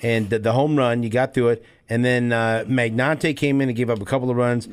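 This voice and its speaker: A man co-hosting a podcast, reading out old box scores and reacting with profane excitement. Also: mid-range voice, a little fast, smooth. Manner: excitable, profane, reads out stats. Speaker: podcast co-host. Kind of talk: casual chat.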